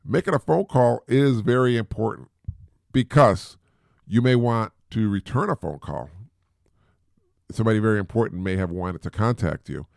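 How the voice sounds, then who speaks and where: A man's voice: on the low side, normal speed, gravelly, darkish tone, no room sound, clean studio sound. A middle-aged man hosting a podcast, giving casual advice in a chatty way, often repeating words and mimicking voices. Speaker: podcast host.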